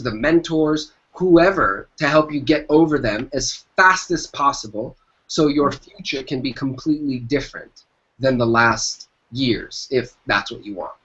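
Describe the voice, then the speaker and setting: A man with a slightly high voice and a bright, forceful tone appears as an entrepreneur guest in an interview. He gives motivational business advice emphatically, repeating his key phrases, and the recording has a dull lo-fi sound.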